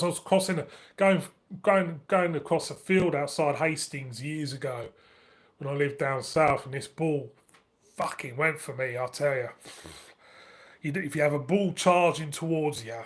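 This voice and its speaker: Northern English man in middle age, loose chatty live-stream host, laughs a lot, curses casually, voice sits a bit high. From northern England. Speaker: beer review channel host.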